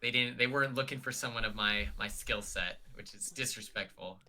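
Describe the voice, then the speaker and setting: A man's voice: mid-range voice, fairly quick, pushed and bright. A young man rambling in a casual livestream chat with lots of fillers, on a call. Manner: chatty, rambling, many fillers. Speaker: guest.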